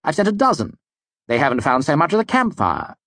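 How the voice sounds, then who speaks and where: A man's voice: a little high, big pitch swings, fairly quick, a bit bright, no echo, voice pushed up. A man reading an audiobook, voicing a weary, irritable middle-aged mayor who speaks curtly and brusquely. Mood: curt, exasperated. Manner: curt, brusque, exasperated. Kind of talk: audiobook character voice.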